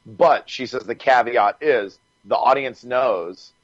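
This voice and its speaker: A man guest on a podcast, telling stories in a casual, animated way, swearing freely and laughing as he goes. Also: medium pitch, slow, dry recording, dull audio. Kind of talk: casual storytelling.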